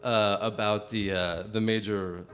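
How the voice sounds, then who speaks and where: A man's voice: lowish voice, steady tone, measured pace, a bit bright, faint music behind. A young man, a comedian, telling a rambling story to a live audience in a casual, chatty way with lots of fillers.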